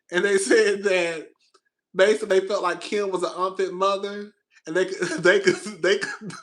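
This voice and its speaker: Bright-voiced man in a gossipy vlog. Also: high voice. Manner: laughing, animated, profane, repeats himself. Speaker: commentary vlogger. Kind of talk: casual gossip commentary. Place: apartment.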